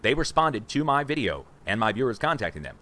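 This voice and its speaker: A man in his forties hosting a rambling livestream from a room at home, excitable and conspiratorial, talking to viewers as guys. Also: medium pitch, brisk. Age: 40s. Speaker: livestream host.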